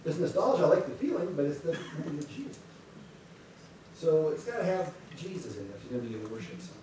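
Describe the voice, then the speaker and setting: A man, the pastor, giving chatty announcements and telling a lively story to his church. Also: on the high side, fast talker, background noise. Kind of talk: church announcements before a sermon. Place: church sanctuary. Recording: echoey sanctuary, distant mic.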